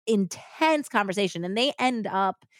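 A woman podcast host tells a story in an easy, chatty way, slipping into the voices of the people in it. Her pitch sits in the middle of the range. The sound is dry and close to the mic. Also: moderate pace, dry recording. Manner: animated retelling with acted-out quotes. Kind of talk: casual storytelling chat.

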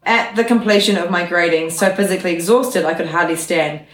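A woman with a fairly low voice reads a memoir aloud for her podcast audience. Her delivery is steady, with casual asides slipped in between passages. The room around her is echoey. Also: fairly quick. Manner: steady reading voice broken by chatty laughing asides.

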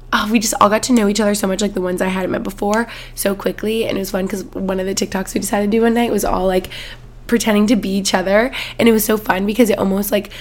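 A woman in her twenties hosting a podcast, chatting casually in a bubbly, gushing way with lots of "like". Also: mid-range voice. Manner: bubbly, gushing, heavy use of "like". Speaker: podcast host. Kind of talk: casual chat.

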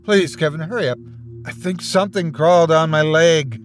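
A man's voice: a little high, moderate pace, soft background music, lightly acted. A man voicing a trapped man who pleads desperately to be let out. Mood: pleading. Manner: pleading, rising to frantic screams.

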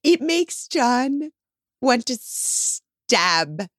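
A woman's voice: on the high side, sing-song, very slow, dry recording, studio quality. A woman co-hosting a casual chat, candid and self-mocking, laughing often. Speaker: co-host.

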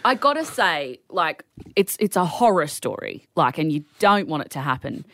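A woman co-hosting a morning radio show, her pitch leaping around as she chats and giggles. The sound is close and dry, straight into a studio mic. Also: moderate pace, no echo. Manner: chatty, laughs a lot, animated. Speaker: radio co-host. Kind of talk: breakfast radio banter.

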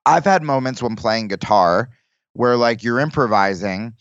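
A comedian guest talking in casual podcast chat, rambling with restarts and acting out quoted lines. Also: male voice, medium pitch, animated, unhurried, fairly bright tone, dry recording, lo-fi sound.

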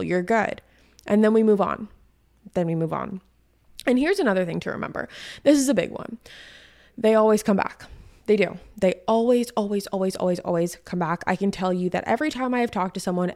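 A woman's voice: mid-range voice, vocal fry, a little mellow. A young woman hosting a podcast, telling stories in a chatty, slangy way. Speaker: podcast host. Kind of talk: casual chat monologue.

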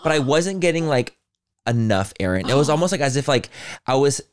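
A man co-hosting a casual chat, telling a story in an animated way, swearing freely and acting out his own reactions. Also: medium pitch, fairly quick. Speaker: podcast co-host.

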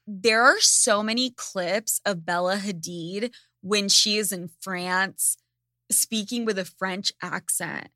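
A woman hosting a podcast in casual chat, ranting in an animated, profane way. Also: mid-range voice, slow, no room sound, studio quality. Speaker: podcast host.

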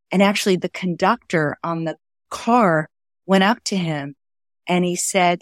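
A woman's voice: on the low side, unhurried, no room sound, clean studio sound. A woman, a guest author telling stories earnestly and acting out what people said. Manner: earnest, acts out quoted dialogue. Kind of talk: conversational storytelling.

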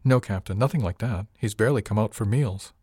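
A man voicing a polite, earnest young woman who cooks aboard a ship, speaking formally and gently in an audiobook reading. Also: fairly low pitch, brisk, husky, no room sound, clean studio sound. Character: polite, earnest female ship's cook, proper and gentle.

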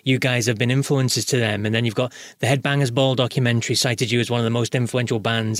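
A man's voice: medium pitch, no room sound. Dry-sounding male interviewer. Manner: enthusiastic, long run-on questions. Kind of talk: interview questions.

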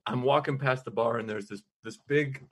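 A male comedian guest casually telling a story, animated and laughing through his lines. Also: medium pitch, moderate pace.

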